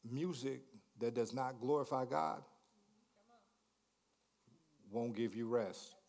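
A man preaching a sermon, repeating words in stammering restarts, asking the congregation questions and swinging from hushed lines to shouted climaxes. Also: medium pitch, slow, vocal fry. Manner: repetitive stammering restarts, call-and-response questions. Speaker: pastor.

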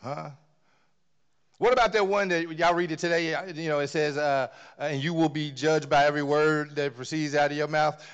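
A man preaching a sermon, dropping to near-whispers and then rising to loud emphatic bursts, often repeating words as he builds. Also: on the high side, steady tone, normal speed, clear, resonant tone, lo-fi sound.

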